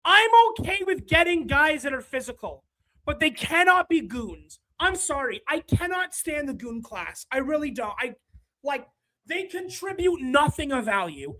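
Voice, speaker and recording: A high-voiced stream host talks hockey in casual livestream chat. The talk runs as an exasperated rant that keeps tipping into shouts, with quick apologies to viewers. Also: big pitch swings, rough recording. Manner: ranting, exasperated, swings into shouting.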